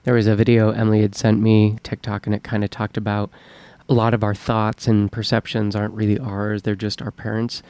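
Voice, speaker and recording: A man's voice: lowish voice, little pitch movement, fairly quick, darkish tone, clear, resonant tone, no room sound. A man co-hosting a podcast in casual chat who muses in a rambling, reflective way and fills his talk with "you know" and "like". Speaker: podcast co-host.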